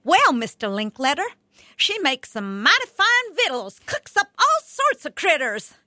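A woman's voice: high voice, sing-song, a little slow, pushed and bright, dry recording, clean studio sound, pitched above the performer's own voice, full character voice. A woman putting on a folksy hillbilly country girl with a thick Southern accent.

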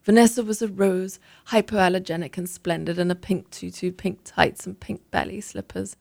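A woman's voice: lowish voice, steady tone, moderate pace, creaky, a little mellow. A woman author from Zimbabwe reading her memoir aloud and talking thoughtfully in an interview. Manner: thoughtful, with frequent restarts in conversation. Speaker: author and guest.

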